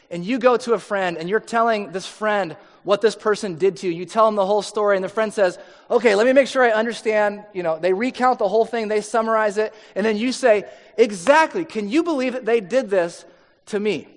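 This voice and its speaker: A male pastor delivers a sermon in a light, high voice, talking to the room as if to friends. He leans hard on key words, then drops to a near hush. His words ring out with long reverb, as if he stands in a large church hall. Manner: conversational, emphatic preaching with sudden drops to quiet.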